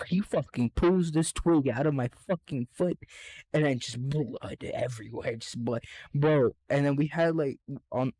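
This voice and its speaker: A young man co-hosting a podcast, telling a childhood story in an animated, profane way and laughing through it. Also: on the high side, measured pace, dry recording. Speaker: podcast co-host. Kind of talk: casual storytelling chat.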